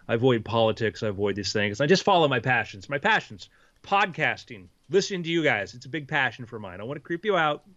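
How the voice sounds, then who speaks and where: Man voicing a quiet, rambling millionaire with a taste for morbid hypotheticals, muffled dry audio. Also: medium pitch, no echo, close to an everyday voice. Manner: calm, offhand, rambling. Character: secretive, eccentric rich man with dark hypotheticals.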